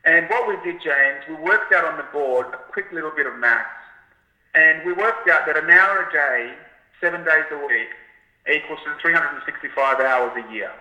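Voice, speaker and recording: A man with a very bright, forceful voice and a slightly high pitch shares an anecdote in an interview. He sounds middle-aged, talks with enthusiasm and acts out the people in his story. The room is echoey. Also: moderate pace. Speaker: author and guest.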